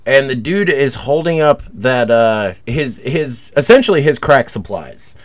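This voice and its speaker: A man co-hosting a podcast, telling stories casually with lots of swearing and turning loud when he acts out arguments. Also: mid-range voice, animated, measured pace. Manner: profane storytelling, loud when acting out arguments. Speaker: podcast co-host. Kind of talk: casual chat.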